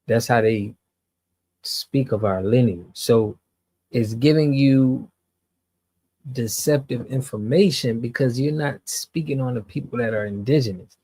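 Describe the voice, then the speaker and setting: A man's voice: medium pitch, unhurried, darkish tone, slightly rough, no echo. An American man hosting, giving earnest reaction commentary with repeated restarts. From United States. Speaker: host.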